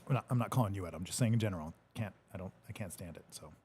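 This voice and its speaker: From a home studio, a podcast host reads live comments on a casual livestream, joking in a relaxed way and swearing occasionally. His voice sits low with a darkish tone, he talks very fast, and there's a little hiss or hum.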